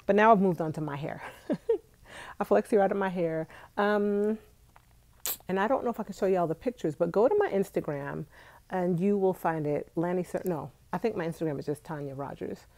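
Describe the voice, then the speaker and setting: A woman's voice: on the low side, normal speed, a little mellow, no room sound. A young woman congested with allergies, chatting casually and directly to her viewers on a live stream from home. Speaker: vlogger. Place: indoors at home.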